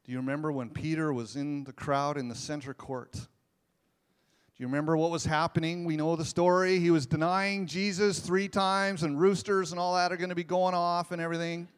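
A pastor delivering a sermon, his voice a touch higher than most men's. He drops to a near hush, then climbs into loud, fervent preaching. He keeps throwing in chatty asides and questions to his listeners. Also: steady tone, brisk, smooth. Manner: swings between hushed intimate passages and loud impassioned preaching; conversational asides and rhetorical questions.

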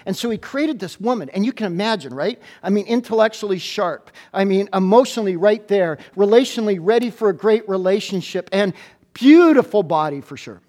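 A man preaching a sermon as a pastor to a congregation in church, animated and playful, often stumbling into quick restarts. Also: high voice.

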